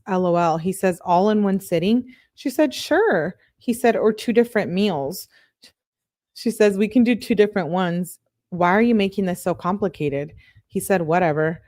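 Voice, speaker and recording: A woman's voice: mid-range voice, a little mellow, dry recording, studio quality. A young woman reading text messages aloud as a true crime commentator, with casual chatty asides.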